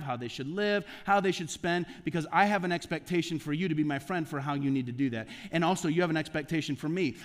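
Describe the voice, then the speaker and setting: Male pastor with a high voice, preaching conversationally in rapid rhetorical questions, long church-hall echo. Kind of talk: conversational sermon. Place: church sanctuary.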